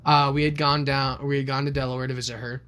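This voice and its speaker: A young man co-hosts a casual podcast, talking fast in a mid-range, clean-toned voice. He's an animated storyteller who swears freely and acts out the voices of people he quotes while telling family stories in a relaxed chat.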